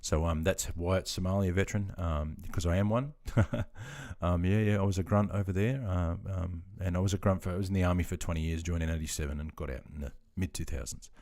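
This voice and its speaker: A man's voice: low-pitched, fairly even intonation, fast talker, darkish tone. An Australian man in his fifties chatting casually on a live stream, reading out viewer comments and laughing easily. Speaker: live streamer, army veteran.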